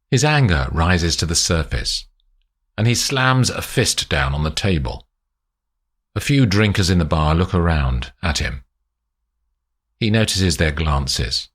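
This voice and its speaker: A man narrating a spy story aloud in a slow, expressive way. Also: low voice, slightly rough. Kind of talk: audiobook narration.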